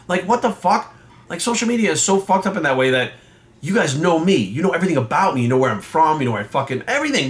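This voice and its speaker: A man's voice: a little high, a bit bright. A man who coaches and judges bodybuilding, delivering a heated, profane, confrontational rant to his viewers. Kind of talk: profane ranting vlog monologue.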